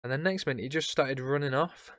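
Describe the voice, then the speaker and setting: A man's voice: mid-range voice, fast, fairly bright tone, dry recording, clean studio sound. A young man hosting a podcast, telling a story casually and rambling, with lots of fillers and restarts. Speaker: podcast host.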